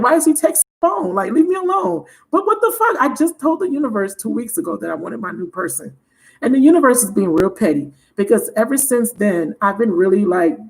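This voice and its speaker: A tarot reader hosting her own channel speaks frankly and animatedly on a livestream, swearing freely and laughing often. Her voice is a little high, and the recording quality is low.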